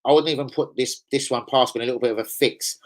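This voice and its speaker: A man hosting a casual live stream, sweary and rambling as he shouts out his viewers. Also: mid-range voice, fairly even intonation, fast, poor audio. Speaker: live-stream host and football fan. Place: home room with a laptop. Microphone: laptop setup.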